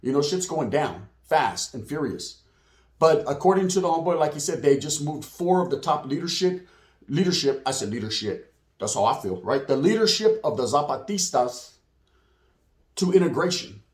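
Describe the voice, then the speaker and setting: A man hosting a casual street news monologue, slangy and streetwise, with a slightly hoarse voice. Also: on the high side, lively intonation, moderate pace. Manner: streetwise, slang-heavy, acts out quotes in put-on voices. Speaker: channel host, street news commentator. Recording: roomy echo.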